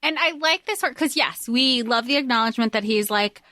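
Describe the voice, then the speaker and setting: Woman podcast co-host, very high voice, gushing fan chat, dry close mic. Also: brisk, dry recording. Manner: gushing, excited fan talk. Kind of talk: casual book-discussion chat.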